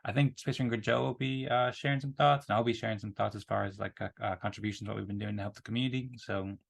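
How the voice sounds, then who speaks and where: A man's voice: lowish voice, fairly even intonation, quick pace, gravelly. A man hosting an online community meeting, friendly and rambling, with many fillers, over a video call. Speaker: meeting host. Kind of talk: casual online meeting talk.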